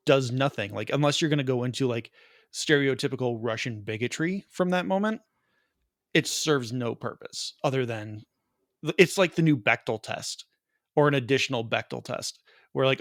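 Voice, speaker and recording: A man co-hosting a podcast, rambling through a movie plot with quick asides and laughs. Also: mid-range voice, a bit bright, dry recording, clean studio sound. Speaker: podcast co-host. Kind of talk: casual movie review chat.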